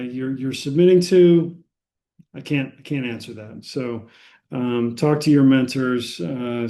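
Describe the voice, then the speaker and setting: An American man teaching a statistics lecture, explaining unhurriedly with many pauses and filler words. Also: mid-range voice, dark tone. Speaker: statistics instructor.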